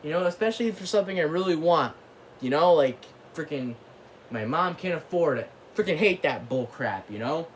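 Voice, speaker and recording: A man's voice: fairly high pitch, animated, moderate pace, a little hiss or hum. A man hosting his own channel, ranting casually in a rambling way, full of filler words and mild cursing. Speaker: channel host.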